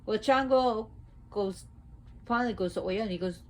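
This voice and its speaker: A woman casually teaching religious lore, retelling a myth in an animated, conversational way. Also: medium pitch, fairly quick, low-quality recording. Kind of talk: casual storytelling lesson.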